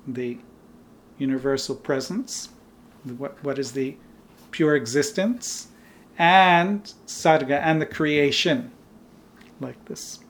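A man giving a spiritual teaching talk on Vedanta. He speaks unhurriedly, chuckles lightly as he explains, and often closes a point with a soft "right?" or "like this". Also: on the high side.

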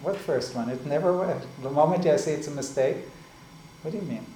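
A man giving a spiritual discourse as a teacher. He explains slowly and often checks in with "right?" and "like this". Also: fairly high pitch, dark tone. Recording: echoey room with faint ambient noise.

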